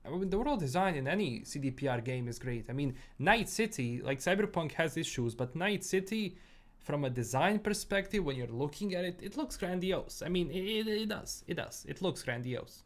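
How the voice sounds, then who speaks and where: A man's voice: fairly high pitch, expressive, normal speed. A young man from Bosnia with a mixed, Bosnian-tinged English accent, chatting casually with viewers on a gaming livestream in an easygoing, rambling way. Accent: Bosnian-tinged English mixed with British and American sounds. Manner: easygoing, rambling, many fillers and repeats. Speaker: gaming streamer.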